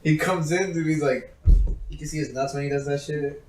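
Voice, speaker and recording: A young man, a podcast co-host, telling animated stories and acting out quotes among friends. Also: fairly high pitch, a little fast, background noise. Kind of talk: casual storytelling chat. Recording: echoey room, distant mic, chatter behind.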